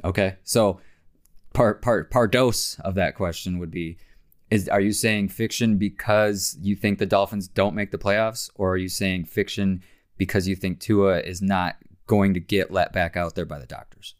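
Low-voiced man hosting a sports podcast. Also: normal speed. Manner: relaxed, many "um" fillers, chatty. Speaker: podcast host. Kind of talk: casual sports podcast chat.

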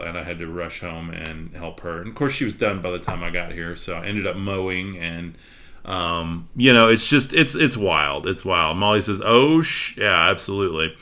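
A man's low-sitting voice sounds pushed and bright as he hosts a podcast livestream in a Texas accent. The talk is candid and wandering, packed with fillers.

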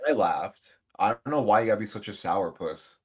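A young man on a podcast trades sarcastic jabs and cursing rants. His voice sits somewhat low. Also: lively intonation, moderate pace, slightly rough. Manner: sarcastic, swearing, mock rants. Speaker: podcast co-host. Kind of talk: casual review chat.

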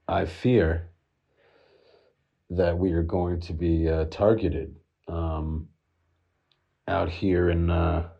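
A man's voice: sits low, vocal fry, lo-fi sound. A middle-aged man from the United States telling a rambling, casual story full of fillers and swearing. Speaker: vlogger.

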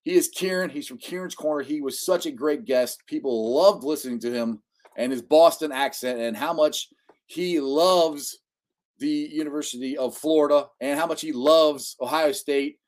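A man hosting a casual sports podcast, chatty and excitable, laughing often. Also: a little high, moderate pace. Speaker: podcast host.

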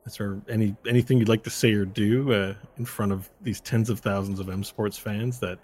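A man's voice: fairly low pitch, steady tone, brisk, a little mellow, breathy edge. A man narrating a tabletop game as game master, describing scenes and asking a player what he does.

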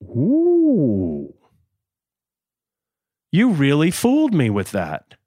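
A man's voice: on the high side, wildly swooping pitch, very slow, dark tone, dry recording. A man co-hosting a podcast, giving an earnest, thoughtful review of an album in casual chat and laughing easily. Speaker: podcast co-host.

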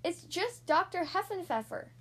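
A woman doing a gentle mother cat. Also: very high voice, animated, normal speed, voice pushed up. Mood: soothing. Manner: soothing.

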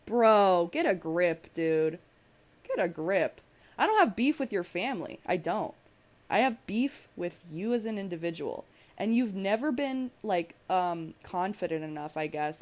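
A woman's voice: lowish voice, darkish tone. Young woman podcaster going off, heated rant, swears a lot, keeps cutting herself off. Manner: blunt, profane, emotional, many restarts. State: emotional, angry. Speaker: podcast host.

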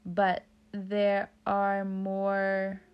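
A woman's voice: medium pitch, monotone, very slow, clear, resonant tone, highs cut off. A young woman giving a casual tarot reading, joking around, swearing freely and drifting off on tangents. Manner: joking, profane, talks off on tangents. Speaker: tarot reader.

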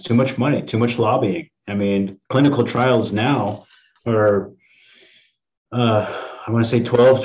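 A low-voiced man from the East Coast co-hosts a podcast, explaining points at length with hesitant fillers. The recording sounds dull and lo-fi. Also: darkish tone. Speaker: podcast co-host. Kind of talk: casual podcast chat.

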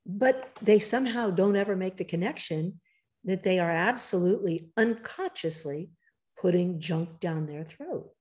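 A woman author as a podcast guest, talking casually but emphatically, lecturing in quick bursts, her voice rough in the morning. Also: lowish voice, lively intonation, darkish tone. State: morning voice, throat clearing.

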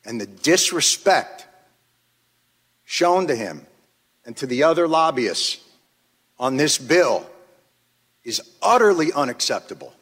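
Fired up guy testifying, kinda high voice, long echo from a big hearing room. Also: big pitch swings, slow, pauses often, slightly rough. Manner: angry, forceful, emphatic. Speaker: witness testifying at a congressional hearing. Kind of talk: impassioned prepared testimony. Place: large hearing chamber.

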